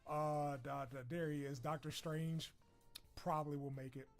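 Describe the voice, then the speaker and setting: A man's voice: on the high side, level tone, normal speed. Joking, foul-mouthed male streamer. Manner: loose, profane and jokey, with bursts of laughter. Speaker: streamer reacting to a character wishlist. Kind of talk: casual stream chat. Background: video game music playing.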